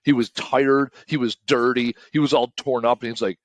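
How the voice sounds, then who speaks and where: A man's voice: mid-range voice, steady tone, normal speed. A man talking casually as a podcast guest, blunt and emphatic, swearing and tagging lines with "right?".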